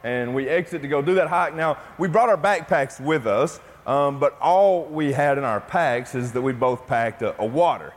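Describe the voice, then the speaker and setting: A middle-aged man preaches to his congregation, his voice ringing with long reverb through a church sanctuary. He talks in a loose, conversational storytelling way at an ordinary middle pitch. He has the easy tone of a pastor who talks to his church like friends. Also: moderate pace, hardly any pauses. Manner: storytelling, conversational, then hushed and intimate in prayer. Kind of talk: sermon with personal story.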